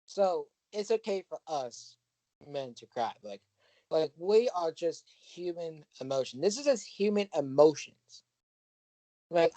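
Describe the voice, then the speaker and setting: A man's voice: fairly high pitch, dark tone, no room sound, low-quality recording. A man co-hosting a casual podcast chat, speaking earnestly and with passion. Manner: earnest and impassioned. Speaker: podcast co-host.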